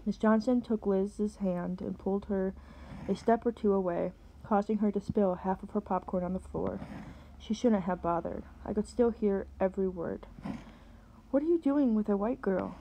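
A woman, a teacher, reading a novel aloud and pausing to explain words. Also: medium pitch, steady tone, gravelly, dark tone, slight background noise, rough recording.

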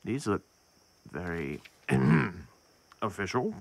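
Snarky skeleton sidekick, played by an actor, very low and slow, lots of swing, horror-comedy short. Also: sing-song, creaky, heavily acted. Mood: sarcastic. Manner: sarcastic, complaining. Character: sarcastic talking skeleton, male, petty and whiny.

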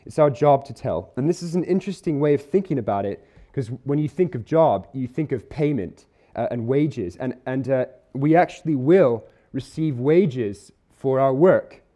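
Earnest man preaching, mellow voice. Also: mid-range voice, animated. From Isle of Man or UK. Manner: earnest, conversational, slows to stress key words. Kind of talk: sermon. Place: church hall.

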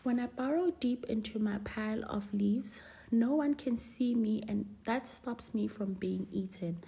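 A woman's voice: on the high side, unhurried, vocal fry, mellow. A woman voicing a small, cautious female field mouse in a storybook reading, sensible and earnest.

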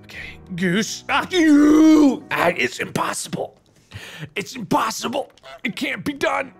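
A man commentating a video game playthrough in a goofy, taunting way, swinging between loud shouts and mutters. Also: extremely high pitch, lively intonation, unhurried, creaky, husky, soft background music. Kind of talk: let's play commentary.

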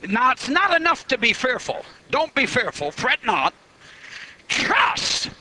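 A man's voice: very high voice, wildly swooping pitch, slow, pushed and bright, a little hiss or hum, rough recording. A man preaching a live revival sermon at a church meeting, fiery and emphatic, stretching key words out.

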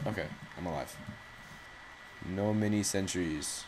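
A man's voice: low voice, unhurried, long pauses, background noise. A man hosting live gameplay commentary with rambling, jokey, self-mocking asides. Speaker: gaming channel host.

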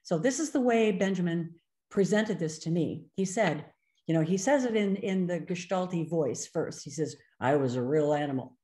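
Middle-aged female presenter, low mellow voice, measured and explanatory, roomy echo. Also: lively intonation. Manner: measured, explanatory, frequent ums. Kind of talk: conference presentation.

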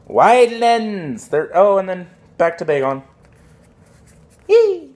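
High, lively young man swearing excitedly. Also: unhurried. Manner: excitable, swears often, jokey asides. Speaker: card unboxing vlogger. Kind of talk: casual unboxing commentary. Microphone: phone.

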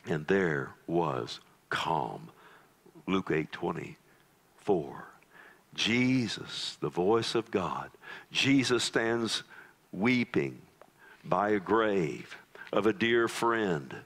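A male pastor preaches dramatically, sinking into low, hushed tones to stress his points and addressing the congregation as "loved one."

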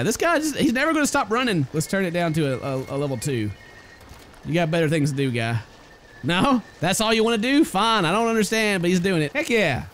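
Excitable man narrating a game. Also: high-pitched. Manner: excitable, talks to his characters, jokey. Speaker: gaming YouTuber. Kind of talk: casual let's-play commentary.

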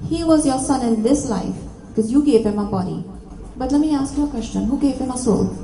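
A woman's voice: sits high, fairly quick, warm tone. A woman from Trinidad and Tobago with a Trinidadian accent, giving a public talk and spirit readings in a direct, coaxing, repetitive way. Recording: echoey hall, faint noise.

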